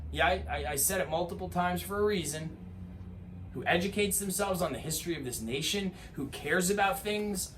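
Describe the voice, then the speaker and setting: A man's voice: on the high side, fairly bright tone, slight background noise. A man giving an impassioned political address, rousing and emphatic, with rhetorical lists and repeated calls to action. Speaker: political commentator.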